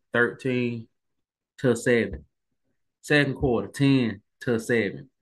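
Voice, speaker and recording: Emphatic man ranting about football. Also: mid-range voice. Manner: emphatic, repetitive, colloquial, rising to heated emphasis. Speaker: sports commentary vlogger. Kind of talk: casual sports opinion monologue.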